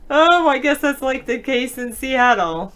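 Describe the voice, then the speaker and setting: A woman's voice: high voice, expressive, measured pace, fairly bright tone. A woman hosting a casual live video chat, reading viewer comments aloud and answering them with frequent laughs. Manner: laughs often mid-sentence. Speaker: show host.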